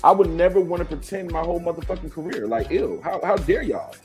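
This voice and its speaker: A man's voice: on the high side, animated, fast talker, a little mellow, faint music behind. Profane ranting male live-stream host. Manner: profane, heated, talks straight to viewers.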